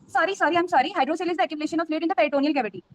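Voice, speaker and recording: A young woman with an Indian accent and a high voice answers exam questions at a quick pace. She hesitates often, filling gaps with "uh" and apologizing as she gropes for answers over a video call. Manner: hesitant, many fillers, apologetic. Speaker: quiz contestant, medical student.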